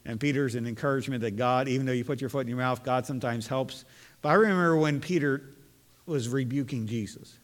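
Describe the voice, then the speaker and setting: A man's voice: medium pitch, fast talker. A man preaching a sermon in an earnest, conversational way, often restarting his phrases. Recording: long hall reverb.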